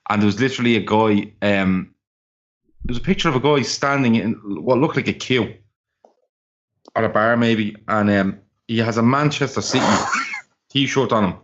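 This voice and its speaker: A man whose voice is on the low side trades casual football banter as a podcast co-host, ranting bluntly with lots of swearing at a moderate pace. The call audio is dull and lo-fi.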